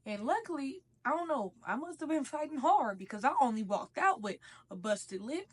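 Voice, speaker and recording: A woman's voice: high voice, big pitch swings, normal speed, breathy edge. A young woman telling a casual storytime while eating, in a slangy, profane, conversational way. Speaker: vlogger.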